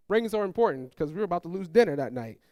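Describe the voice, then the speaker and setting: A high-pitched pastor preaches at a quick pace, telling family stories and acting out the characters in raised voices while asking the congregation to respond aloud. The recording is muffled but has no echo.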